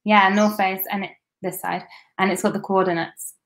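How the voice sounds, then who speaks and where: A young woman from London with a British accent co-hosting a casual live webinar, relaxed, with brief replies. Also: medium pitch, moderate pace. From London, England. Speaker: webinar co-host.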